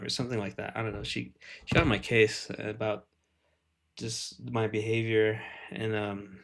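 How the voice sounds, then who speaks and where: Brief: man in his 30s, slightly low voice, loose rambling live-stream artist chat. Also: level tone, normal speed, a bit bright. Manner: rambling, filler-heavy, self-deprecating.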